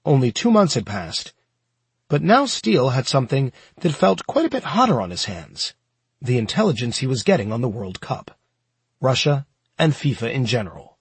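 A man reading a nonfiction book aloud in a steady, measured storytelling manner. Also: medium pitch, breathy edge, no echo. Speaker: audiobook narrator. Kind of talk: scripted nonfiction audiobook narration.

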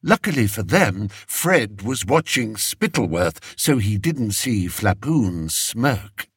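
Slow, expressive male storyteller. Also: fairly low pitch, slightly rough, no echo, studio quality. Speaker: narrator. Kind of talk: audiobook narration.

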